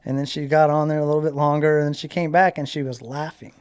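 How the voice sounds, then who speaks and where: A man's voice: fairly high pitch, flat delivery, fast, a little mellow, smooth. A man casually telling a personal story as a guest, rambling with lots of "like" and "you know". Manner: rambling, filler-heavy retelling with lots of "like".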